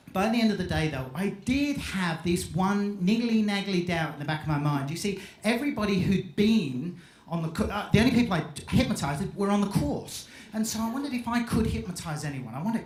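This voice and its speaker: A man's voice: high voice, very animated, fairly quick. A man giving a playful storytelling talk on stage at a live event, acting out the quotes. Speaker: event speaker. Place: live event hall with audience. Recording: echoey live hall recording.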